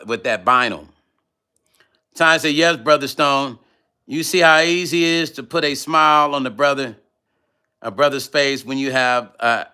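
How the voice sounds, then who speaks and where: A man's voice: mid-range voice, smooth. A middle-aged man talking casually on a livestream, reading out chat messages in a loose, laughing, rambling way. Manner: relaxed, loose, laughs often, drifts between topics. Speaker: music vlogger reading live chat.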